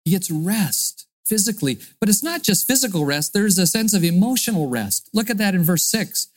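A male pastor delivering a sermon in an earnest, expressive teaching manner. He explains scripture with conviction and leans into dramatic readings of the verses. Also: high-pitched, moderate pace, few pauses.

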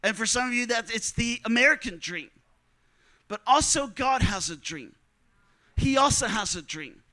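A man's voice: very high-pitched, animated, normal speed, pushed and bright. A man preaching a sermon to students, telling stories earnestly and repeating key lines for emphasis. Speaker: missionary preacher.

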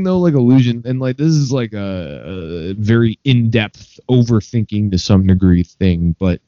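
A man's voice: mid-range voice, warm tone, no echo, highs cut off. A man co-hosting a podcast, giving rambling hot takes in casual chat with lots of fillers. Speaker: podcast co-host.

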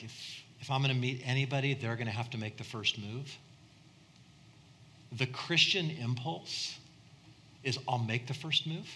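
Bright-voiced man preaching. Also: mid-range voice. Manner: conversational, repeats words, rises to impassioned peaks. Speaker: pastor. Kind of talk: sermon.

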